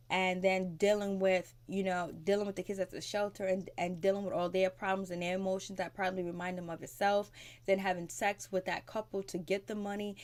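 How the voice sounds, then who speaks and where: A woman's voice: on the low side, darkish tone. A woman giving a casual recap of a TV episode, rambling and conversational, frank, with mild swearing. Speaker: TV recap vlogger.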